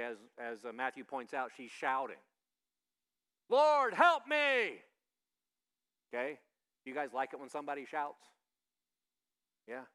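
A man preaching a sermon as a pastor, talking to his congregation in a conversational way and asking them direct questions. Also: medium pitch. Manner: acts out quoted speakers with loud shouts.

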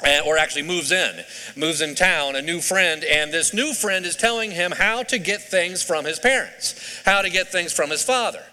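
A man's voice: sits high, moderate pace, sharp tone. A man preaching a sermon in a conversational way, asking his congregation questions as he goes. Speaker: pastor. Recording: reverberant hall.

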